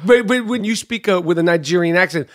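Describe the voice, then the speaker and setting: A man interviewing a guest in a relaxed, conversational way, casually swearing. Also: sits high, fast.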